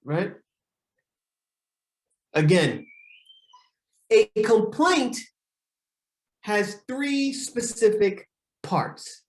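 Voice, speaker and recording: A male relationship counselor leads a group session, slowly repeating key points and often checking in with "right?" His voice is high and sing-song, and the room has a noticeable echo.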